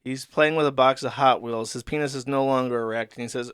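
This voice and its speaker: A man's voice: mid-range voice, fairly even intonation, fairly quick, a bit bright, clean tone, dry recording, studio quality. A man hosting a show, rambling through crude, sardonic commentary while reading a comic aloud. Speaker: host.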